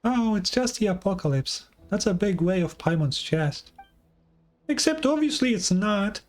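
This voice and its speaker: A man voicing a tiny, excitable female companion in a game fan dub, chattering in a squeaky, animated way. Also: unhurried. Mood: excited. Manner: squeaky, animated, talks about herself in third person.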